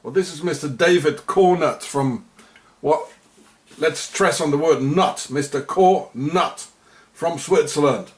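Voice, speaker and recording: A man's voice: on the high side, unhurried. A man from South Africa narrating over on-screen footage in rambling commentary, sarcastic and often repeating and restarting his words. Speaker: video narrator.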